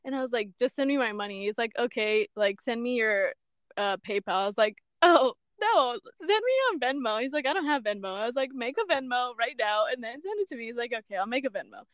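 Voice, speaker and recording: A young woman co-hosting a podcast, telling a story in casual chat, animated and full of "like" and "bruh". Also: a little high, quick pace, dry recording, studio quality. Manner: animated storyteller, heavy use of "like" and "bruh", acts out quotes. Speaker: podcast co-host.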